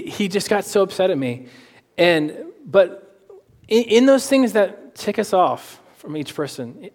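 Man preaching in a reverberant hall. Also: on the high side. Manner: animated, acts out dialogue in quick voices. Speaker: pastor. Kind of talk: sermon with personal anecdotes.

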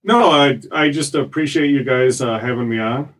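A man's voice: mid-range voice, moderate pace, a bit bright, rough recording. A man guesting on a podcast, joking and plugging his own show in a casual chat. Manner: joking, plug-heavy, laid-back.

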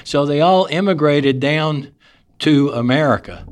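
A man's voice: a little high, unhurried. A man with a Texas accent hosting a podcast, chatting in a folksy, joking way and laughing often. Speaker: podcast host. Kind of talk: casual interview chat.

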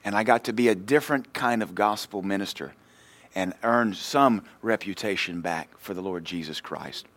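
A male pastor, preaching a sermon and telling a personal story in a lively way, swinging between loud and quiet. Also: lowish voice, normal speed.

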